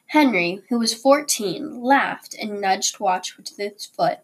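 A woman teacher reading a children's chapter book aloud to her students, slow and deliberate. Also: mid-range voice.

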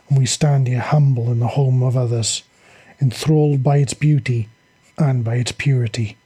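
A man's voice: medium pitch, warm tone, breathy edge. A man reading aloud and voicing a proud, defiant male warrior leader who talks through clenched teeth.

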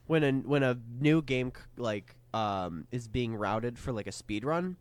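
A man's voice: mid-range voice, expressive, unhurried, clear, resonant tone, no room sound. A young man co-hosting a podcast in casual chat, talking hesitantly with many fillers and restarts. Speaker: podcast co-host.

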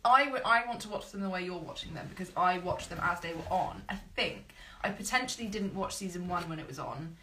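A woman's voice: fairly low pitch, animated, bright, forceful tone, a little hiss or hum, poor audio. A young woman, chatting casually as a podcast co-host, talky and exclamatory. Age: young adult. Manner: chatty, self-talking, quick bursts of exclamation. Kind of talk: casual chat.

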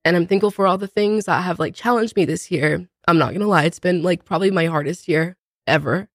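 Tearful gravelly-voiced woman in her twenties. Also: on the low side, fairly quick, no echo, studio quality. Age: 20s. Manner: candid, rambling, many "like"s. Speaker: podcast co-host. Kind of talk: casual chat.

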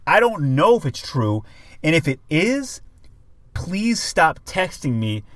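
A man's voice: medium pitch, no room sound. Young guy on a podcast, dad telling a story, cusses a lot, dry close sound. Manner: storytelling, swears often. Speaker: podcast co-host. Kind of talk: casual podcast chat.

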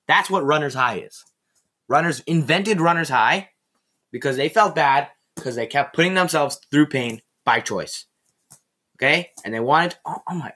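A man's voice: fairly high pitch, a bit bright, slightly rough. A teenage boy hosting a casual solo podcast, ranting in a rambling, sarcastic, easily exasperated way. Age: teen. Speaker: podcast host.

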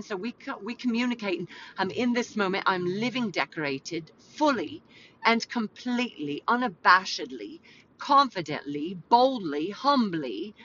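A woman's voice: mid-range voice, a bit bright. A woman hosting a faith podcast, mixing prayer with casual, slangy, rambling and self-deprecating talk. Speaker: podcast host. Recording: slightly muffled with faint background hum.

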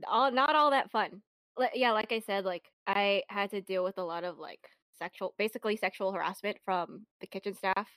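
A woman's voice: medium pitch, normal speed, a bit bright, clear, resonant tone, no room sound. A young woman in casual chat, speaking candidly about work and using many fillers.

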